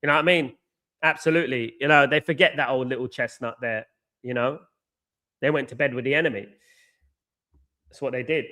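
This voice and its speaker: During a live football watchalong, a fan channel host vents his frustration in a repetitive rant packed with ums. His medium-pitched voice is brisk and sharp, and he pauses often.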